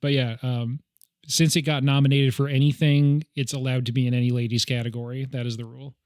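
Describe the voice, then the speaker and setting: A man's voice: medium pitch, level tone, fairly quick, a little mellow, clean tone, no echo. Rambling joking man, dry sound. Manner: rambling, joking storyteller with many ums. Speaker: podcast co-host. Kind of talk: casual chat.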